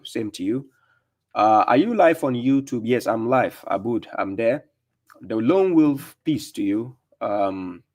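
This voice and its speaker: Hosting a religious Q&A livestream, this man from Ghana has a mid-range, slightly mellow voice. He voices the viewers' comments and answers them with snappy comebacks and lots of fillers.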